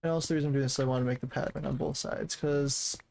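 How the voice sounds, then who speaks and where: Relaxed streamer counting blocks aloud. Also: medium pitch, racing, gravelly, slight background noise, poor audio. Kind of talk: casual game commentary.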